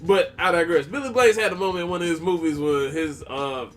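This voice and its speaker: A man's voice: on the high side, fairly quick, faint music behind. A man co-hosting a podcast, chatting casually and profanely with slang about TV shows. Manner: profane, laid-back, slangy. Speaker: podcast co-host. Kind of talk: casual chat.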